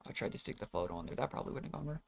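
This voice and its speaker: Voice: medium pitch, expressive, racing, creaky, faint music behind. A gamer giving casual, rambling commentary while playing, often trailing off and restarting thoughts. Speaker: let's play gamer.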